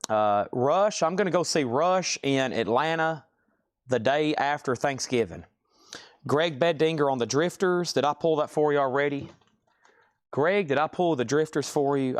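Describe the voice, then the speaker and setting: A man's voice: medium pitch, dry recording. A man hosting a live vinyl record sale, chatting casually and rambling between sales. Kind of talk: casual live-stream selling.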